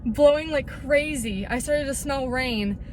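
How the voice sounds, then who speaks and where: A woman fishing vlogger talking casually outdoors by a pond into an action camera, chatty and quick to exclaim. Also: high voice. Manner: excitable, chatty, exclaims freely. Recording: windy outdoor camera audio with music.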